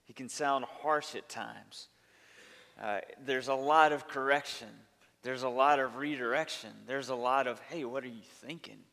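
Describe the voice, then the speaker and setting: Slow-speaking pastor in a reverberant hall. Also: male voice, medium pitch, steady tone, bright, forceful tone. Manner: earnest, emphatic preaching with long lists. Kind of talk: sermon. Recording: long reverb of a large hall.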